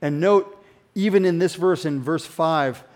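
A man preaching a sermon in a conversational, animated way, often dropping into hushed emphasis. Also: a little high, measured pace. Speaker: pastor.

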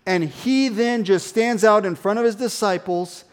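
Animated preaching man, fairly high voice. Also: measured pace, smooth. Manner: conversational, animated preaching with sudden drops to hushed emphasis. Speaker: pastor. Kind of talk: sermon.

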